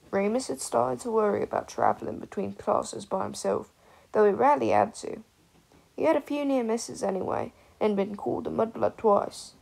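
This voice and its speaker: A woman narrating an audiobook in a steady storytelling manner. Her voice is husky with a gravelly fry, and her pitch ranges widely. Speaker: audiobook reader.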